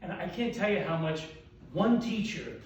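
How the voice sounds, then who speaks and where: An older man from Delaware fires off self-deprecating one-liners in a high voice. He is picked up from a distance in a very reverberant hall, with clear room noise behind him. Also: normal speed, muffled recording. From Wilmington, Delaware, US. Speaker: orthopedic surgeon telling jokes. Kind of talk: stand-up comedy at a dinner event. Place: banquet hall with audience. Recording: roomy hall audio with crowd laughter.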